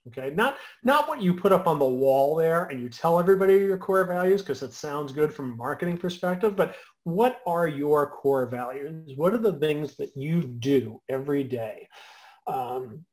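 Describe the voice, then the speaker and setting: A middle-aged man, a business consultant and former IT company owner, telling a workplace anecdote in a lively, conversational way with frequent restarts. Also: a little high, moderate pace, low-quality recording. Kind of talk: conversational storytelling.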